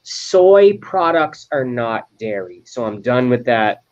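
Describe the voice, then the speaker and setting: A man's voice: mid-range voice, steady tone, a little slow, highs cut off. A man chatting as a guest on a live stream over a video call, rambling through a story with stammered restarts. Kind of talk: casual chat.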